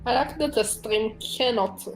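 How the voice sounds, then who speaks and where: A woman's voice: fairly high pitch, measured pace, vocal fry, faint music behind, rough recording. A woman playing in a tabletop game, chatting casually with playful, laughing banter. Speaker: player.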